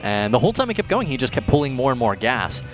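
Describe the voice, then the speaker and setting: A male esports color commentator explains strategy at a quick pace with an analytical, playful tone. Faint music sits under his voice. His pitch is in a normal middle range. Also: sing-song. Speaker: esports co-caster.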